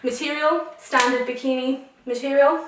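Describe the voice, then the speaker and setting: A woman's voice: high voice, fairly even intonation, normal speed, far from the mic, background noise. A young woman vlogging a try-on haul, ranting in an exasperated way. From United Kingdom. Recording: echoey room, voice a little off mic.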